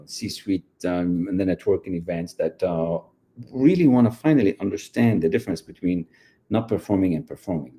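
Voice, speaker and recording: Low, dark-voiced motivational speaker. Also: male voice. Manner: earnest, repetitive, addresses listener directly. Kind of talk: motivational talk.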